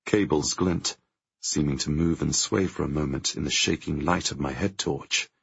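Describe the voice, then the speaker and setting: Gravelly, husky man narrating an audiobook. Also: very deep voice, fairly bright tone, no room sound. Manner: tense, measured storytelling. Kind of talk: first-person audiobook narration. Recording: dry, dull lo-fi audio.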